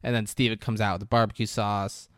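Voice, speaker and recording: A man's voice: lowish voice, fast talker, clean tone, no room sound. Guy recapping a movie for laughs, does all the voices, swears a lot, dry close mic. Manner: animated storytelling, jumps into voices for the characters; profane and blunt when joking. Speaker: podcast host recapping a movie. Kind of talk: casual comedic movie recap.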